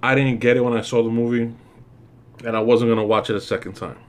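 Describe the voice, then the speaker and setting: A man's voice: medium pitch, flat delivery, fast talker. A man giving a casual spoken film review, rambling and stumbling over repeated words as he recaps the plot. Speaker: movie reviewer.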